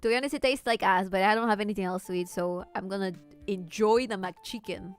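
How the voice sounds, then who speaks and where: A woman's voice: medium pitch, a little fast, clear, resonant tone, soft background music. A woman from Latin America chatting casually while streaming a game, rambling and swearing freely as she goes. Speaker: VTuber streamer.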